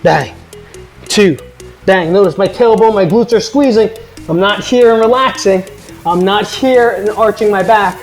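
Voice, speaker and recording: A man's voice: high voice, normal speed, faint music behind, rough recording. A man coaching a home workout, upbeat and encouraging, with a joking streak. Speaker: fitness coach.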